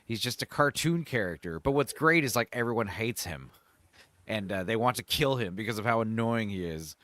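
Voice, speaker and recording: A man hosting a casual chat show, talking about films in a rambling, animated way with lots of fillers and laughs. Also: lowish voice, normal speed, dry recording. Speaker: host.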